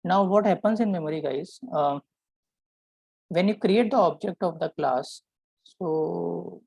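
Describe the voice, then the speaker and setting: A man teaching a programming lesson, explaining step by step and often checking in with a quick "right?". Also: high voice, gravelly, darkish tone, breathy edge, no echo, poor audio. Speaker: programming instructor. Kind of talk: live coding lesson.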